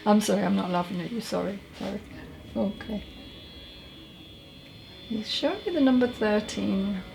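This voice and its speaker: A woman giving a solo mediumship reading as a psychic medium, talking in a halting, chatty way and correcting herself as she goes. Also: medium pitch, gravelly, a little mellow, slight background noise, low-quality recording.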